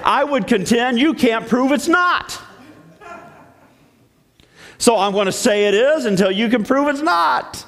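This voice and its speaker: A man's voice: very high-pitched, expressive, a little slow, pauses often, fairly bright tone. A man preaching a sermon, telling the story in a playful, joking way. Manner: playful, jokey. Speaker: pastor. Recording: echoey hall.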